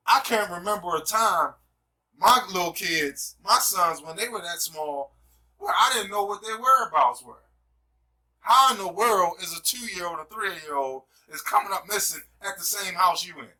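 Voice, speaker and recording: A man talks in an emphatic, preaching manner with a very bright, forceful tone. He keeps checking in with his listener as he builds his points. His voice sounds a little far from the mic. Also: high voice, lively intonation, moderate pace. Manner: emphatic, repeats "you see what I'm saying". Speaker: host. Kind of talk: casual discussion, preacher-like.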